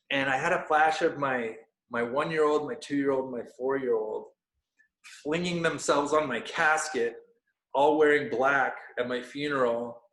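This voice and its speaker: A man's voice: medium pitch, fairly bright tone. A man in his thirties, a podcast guest, telling a personal story in an earnest way and searching for words with many fillers. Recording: echoey room.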